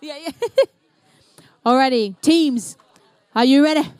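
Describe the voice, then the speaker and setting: A woman's voice: high voice, takes it slowly, a little mellow, no echo, some chatter behind. A young woman doing live, playful, chatty commentary at an indoor competition. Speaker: event commentator.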